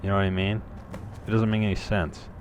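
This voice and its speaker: Low-voiced guy for loose, profane let's-play commentary, wandering off on tangents, faint hiss underneath. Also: flat delivery, a little fast. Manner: rambling, profane, jokey asides. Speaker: gameplay commentator. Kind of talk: casual gameplay commentary.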